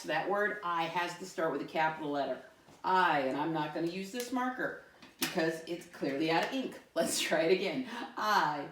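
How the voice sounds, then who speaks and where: Low-voiced teacher in an echoey room. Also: female voice, fairly bright tone. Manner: patient, sing-song questioning of pupils. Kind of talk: classroom lesson for young children. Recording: echoey room, mic far off.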